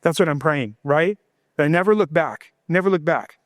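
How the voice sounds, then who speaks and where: A middle-aged man delivers an impassioned sermon in a notably high voice, leaning into slow emphatic phrases and lively asides. The sound is close and dry, with no room echo at all. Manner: impassioned preaching, voicing God and himself in quotes. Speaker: pastor.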